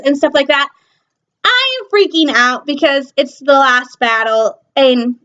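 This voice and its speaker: High-pitched woman gushing about her fave shows, kinda dull lo-fi sound, lots of ums. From Michigan. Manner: gushing, excitable fan talk with many ums. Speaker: pop culture news vlogger. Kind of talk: casual chat.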